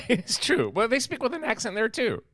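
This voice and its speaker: A man's voice: very high-pitched, wildly swooping pitch, normal speed, a bit bright. A man with a Greek accent co-hosting a casual live-stream show, joking and fussing over the audio. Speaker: co-host.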